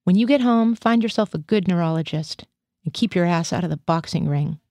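A woman's voice: on the low side, brisk, a little mellow, dry recording, studio quality, lightly acted. Woman reading as a blunt Marine doctor. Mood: brusque. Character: male Marine psychiatrist, commanding officer.

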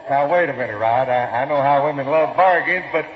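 A man's voice: medium pitch, fairly quick. A man hosting a live radio variety show, bantering genially with his guests. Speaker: host. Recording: lo-fi 1950s radio broadcast in an echoey hall.

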